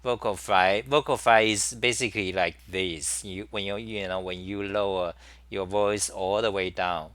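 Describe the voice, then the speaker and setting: A man's voice: on the low side, steady tone, normal speed, fairly bright tone, no echo. A man hosting his own talk show in a casual, rambling monologue, full of fillers and restarts.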